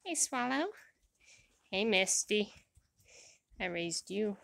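A woman sheep farmer talking casually to her flock on a handheld phone, cooing at the animals with sudden high calls. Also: animated, slow pace, gravelly, a bit bright. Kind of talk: casual vlog among sheep. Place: outdoor sheep pasture. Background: sheep bleating.

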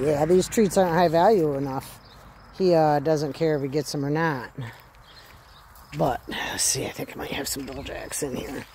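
A woman's voice: low-pitched, a little slow, darkish tone, a little hiss or hum. A woman casually talking through a dog training walk in her yard, breaking off to give her dog short commands and praise. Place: outdoors in her yard near chickens.

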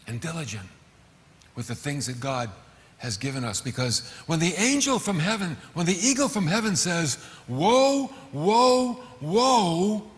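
A middle-aged man preaching a sermon as pastor, animated, acting out quoted voices and breaking into sudden shouts. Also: a little high, big-room sound. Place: church hall.

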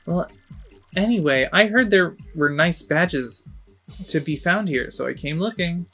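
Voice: medium pitch, animated, unhurried, pushed and bright, full character voice. Coy flirtatious mouse thief, as a streamer puts her on, game voice, faint music behind. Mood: teasing. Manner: teasing, coy.

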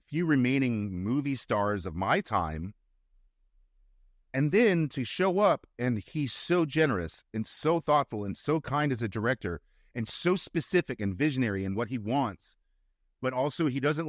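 A man's voice: medium pitch, no echo, clean studio sound. A middle-aged male actor, a guest, telling stories in a casual interview and acting out the quotes. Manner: animated storyteller, acts out quotes.

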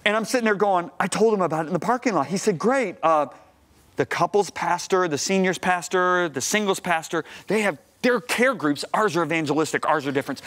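Emphatic older male preacher telling a story. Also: a little fast. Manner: emphatic, rising to high excited outbursts. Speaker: guest preacher and author. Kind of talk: animated storytelling on a talk show. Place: television studio set.

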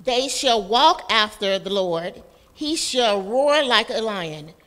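Slow, bright-voiced woman reading scripture. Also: medium pitch, expressive, big-room sound. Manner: careful, deliberate reading of verses. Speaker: class member reading aloud.

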